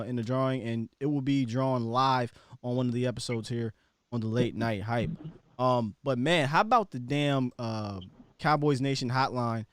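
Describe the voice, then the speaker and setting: Chill host guy, slangy shout-outs, dry close sound. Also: mid-range voice, no room sound. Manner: laid-back, slangy, quick shout-outs. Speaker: podcast host. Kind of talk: casual live-stream sports talk.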